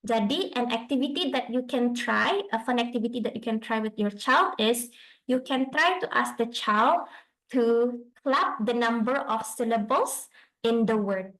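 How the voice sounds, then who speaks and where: A young woman speech therapist explains each step of a presentation over a video call. Her voice sits fairly high. She moves slowly through her points and slips Malay phrases into her explanations. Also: fairly bright tone, low-quality recording. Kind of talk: online presentation to parents.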